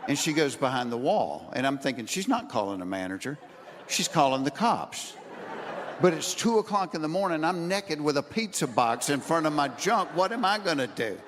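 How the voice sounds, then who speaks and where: A man doing stand-up, telling a long story and acting out the quoted lines, sometimes building to shouted punchlines. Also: on the high side, sing-song, moderate pace, a faint crowd, a little hiss or hum. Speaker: stand-up comedian. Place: stage in front of a live audience. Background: audience laughter.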